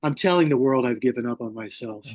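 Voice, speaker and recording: A man from Mississippi talking casually as a guest on a podcast. His speech is halting, full of restarts and small laughs. He sits at a middle pitch and keeps an easygoing, unhurried tone.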